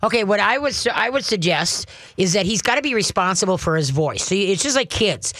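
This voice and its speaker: A woman's voice: medium pitch, expressive, brisk, a bit bright, no room sound. Older woman, radio host, folksy, chatty, very dry close sound. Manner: chatty and folksy, acts out dog commands. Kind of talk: call-in radio advice.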